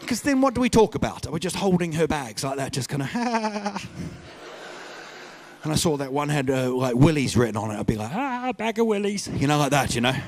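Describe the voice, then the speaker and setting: A man doing a stand-up comedy set, telling stories in a loud, animated way with shouted bits. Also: mid-range voice, fast talker, hardly any pauses, slight background noise.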